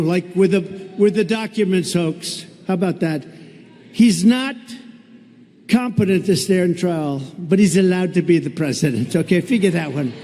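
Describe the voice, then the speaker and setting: A man delivers a campaign rally speech, repeating himself and mocking his rivals. His voice is high for a man yet dark in tone. It rings out with a long reverb across a large hall, over faint ambient noise. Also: moderate pace, soft background music. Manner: repetitive, boastful, mocking. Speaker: political candidate at a rally. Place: large indoor venue with a crowd.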